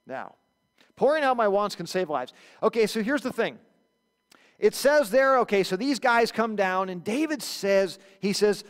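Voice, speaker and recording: Male pastor, storytelling preacher, high voice, reverberant sanctuary. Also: moderate pace. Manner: animated storytelling, acts out quotes. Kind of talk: sermon. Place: church sanctuary.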